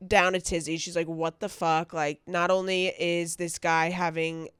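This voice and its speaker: A woman's voice: on the low side, flat delivery, normal speed, fairly bright tone, clear, resonant tone, no echo, clean studio sound. A woman co-hosting a podcast, chatting casually as she recaps a TV episode with quoted lines and fillers. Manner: chatty, recounts scenes with quoted dialogue and fillers. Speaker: podcast co-host.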